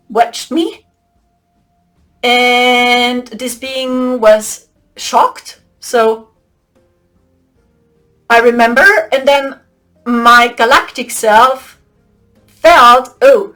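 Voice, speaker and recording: A woman hosting a spiritual channel, telling a story with frequent laughter and excitable, whispered asides. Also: sits high.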